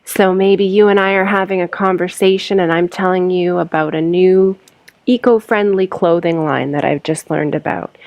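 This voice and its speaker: A woman teaching an English lesson, reading example sentences slowly for learners to repeat and then explaining them. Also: lowish voice, creaky, a little mellow, no room sound.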